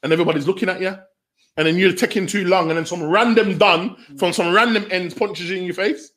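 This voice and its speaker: A man, speaking as a researcher guest in an animated conversation, full of slang and acting out the voices of people he quotes. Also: high voice, quick pace. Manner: slangy, acts out quoted voices, bursts into laughter. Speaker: youth violence researcher and guest.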